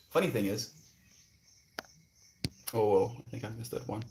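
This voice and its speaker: A man's voice: lowish voice, little pitch movement, moderate pace, long pauses, warm tone, slight background noise. Reflective man chatting on a livestream. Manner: reflective, reads viewer messages aloud and muses on them. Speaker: livestreamer reading chat. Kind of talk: casual livestream chat. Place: outdoors, quiet spot.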